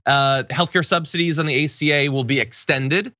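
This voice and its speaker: Guy hosting a news commentary show, bright forceful voice, dry studio sound, kinda dull audio. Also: fairly high pitch, normal speed, no echo. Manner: wry, sarcastic asides.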